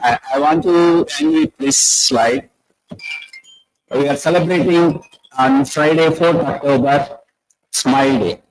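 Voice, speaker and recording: A man's voice: medium pitch, low-quality recording. A man giving a conference talk, chatty and leading the audience through exercises. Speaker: conference speaker. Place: conference hall.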